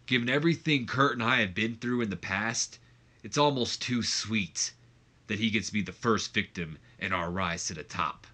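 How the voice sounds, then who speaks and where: A man's voice: lowish voice, normal speed, pushed and bright. A man reading as a smug scheming wrestler.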